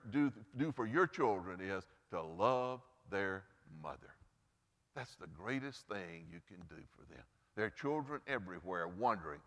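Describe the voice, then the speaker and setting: A man's voice: sharp tone, big-room sound. A man preaching a Mother's Day sermon as pastor, earnest, lifting and dropping his voice for emphasis, then praying. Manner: earnest preaching, pitch and volume rising and falling for emphasis. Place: church sanctuary.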